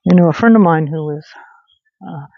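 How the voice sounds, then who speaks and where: A woman's voice: low-pitched, moderate pace, no echo. Rambling woman vlogging outdoors at night. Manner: rambling, chatty, many fillers and restarts. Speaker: host. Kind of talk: casual vlog chat. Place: outdoors at night under a street light. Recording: dull lo-fi sound with faint noise.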